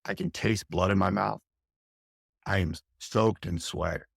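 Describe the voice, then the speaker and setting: Deep gravelly middle-aged man, intense. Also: steady tone, a little slow, no echo, clean studio sound. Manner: intense, vivid recounting with frequent restarts. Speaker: fire captain, podcast guest. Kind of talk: candid interview storytelling.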